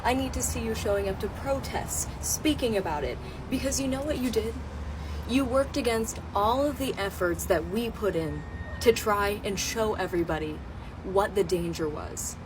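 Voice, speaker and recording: A woman's voice: mid-range voice, moderate pace, background noise. A woman firmly appealing to viewers while sitting in a car. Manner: firm, insistent. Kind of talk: social media appeal to camera.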